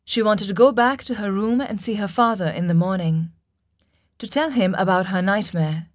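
A woman narrating a fantasy audiobook in a measured, dramatic storytelling manner. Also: mid-range voice, dry recording, clean studio sound.

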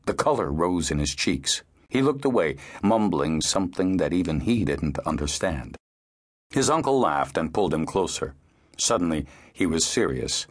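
Low, husky male audiobook narrator. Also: animated, moderate pace.

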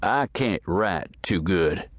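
A man voicing a hate-filled male stranger in a western audiobook, who talks haltingly with a drawl. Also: deep voice, animated, no room sound, exaggerated voice.

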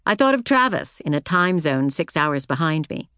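A woman narrating an audiobook in the first person, with a measured, reflective reading. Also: low-pitched, very animated, a bit bright, clean tone, dry recording, studio quality.

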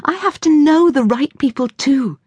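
Woman playing a giddy seventeen-year-old girl, high bright voice, audiobook, dry close sound. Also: animated, normal speed, no echo. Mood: protesting. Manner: eager, gushing. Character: excited young girl of seventeen.

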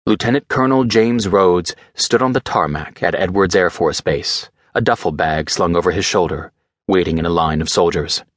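A man narrating an audiobook in a steady, measured way. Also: low voice, no echo, clean studio sound. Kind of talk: scripted narration.

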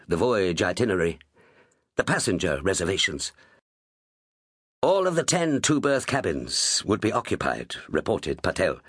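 A man reading an audiobook novel in a measured, expressive narrating style. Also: fairly low pitch, husky, no echo, clean studio sound. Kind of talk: scripted narration.

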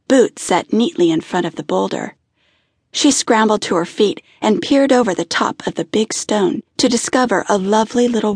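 A woman reading a romance audiobook in an expressive, intimate style. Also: medium pitch, slightly rough, no echo, studio quality. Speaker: audiobook narrator. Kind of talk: scripted narration.

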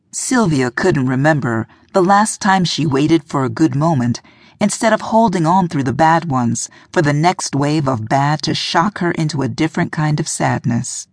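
Low, gravelly woman narrating an audiobook. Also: lively intonation, normal speed, no room sound, clean studio sound.

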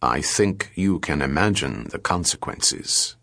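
A man voicing a calm, menacing male captor who threatens in a slow, measured way. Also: sits low, no room sound, clean studio sound, full character voice.

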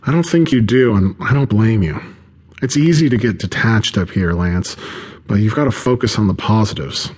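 A cheerful, reassuring male officer on a lonely space station, coaxing a bored crewmate along. His voice sits low with a husky edge. A man reads him in an audiobook. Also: animated, normal speed, darkish tone. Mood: encouraging. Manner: encouraging, reassuring.

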